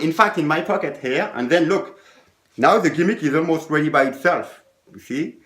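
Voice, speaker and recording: Animated man explaining a card trick. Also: on the high side. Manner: demonstrates step by step, acts out patter to spectators. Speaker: magician teaching a card trick. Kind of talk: casual tutorial explanation. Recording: echoey room.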